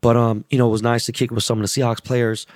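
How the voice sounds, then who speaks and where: A man hosting his podcast with a hoarse, worn-out voice from yelling, talking casually, bluntly and with lots of swearing. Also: mid-range voice, level tone, quick pace, no room sound, clean studio sound. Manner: blunt, swears a lot, rambling. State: hoarse, lost voice. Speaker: podcast host. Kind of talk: casual profane podcast monologue.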